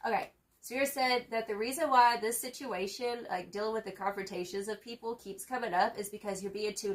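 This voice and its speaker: A young woman with a fairly high voice gives a loose, chatty tarot reading. She swears freely, leans on fillers and hypes the listener up with pet phrases. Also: fairly bright tone. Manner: slangy, profane and emphatic, full of fillers; hypes the viewer up with repeated catchphrases. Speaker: tarot reader. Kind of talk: casual tarot reading to camera.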